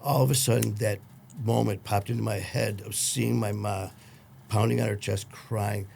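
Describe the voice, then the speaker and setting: A man's voice: on the low side, fairly even intonation, moderate pace, gravelly, darkish tone, a little hiss or hum. A man hosting a podcast, interviewing a guest and telling his own story in a reflective way. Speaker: podcast host. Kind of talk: conversational interview.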